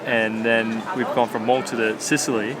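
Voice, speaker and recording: A man's voice: fairly low pitch, little pitch movement, normal speed, very noisy. Exasperated young man rambling a vlog story. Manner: rambling, exasperated retelling with many restarts. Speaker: boat captain and vlog host. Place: on a sailing yacht.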